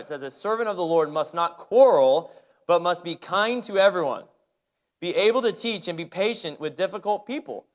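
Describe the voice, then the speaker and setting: A man in his thirties, a pastor, telling a personal story in a conversational, animated sermon with many restarts. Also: a little high.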